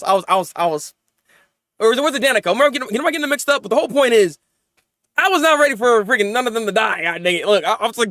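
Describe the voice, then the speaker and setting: High, bright-voiced man ranting. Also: no room sound, studio quality. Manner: animated, rambling, quick to vent. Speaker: anime reviewer. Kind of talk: casual chat.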